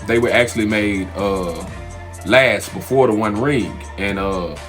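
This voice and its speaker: A man's voice: lowish voice, unhurried, a bit bright, soft background music. A man casually reviewing a fantasy TV episode as host of his own channel, talking loosely and animatedly with lots of fillers and restarts. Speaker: TV recap host.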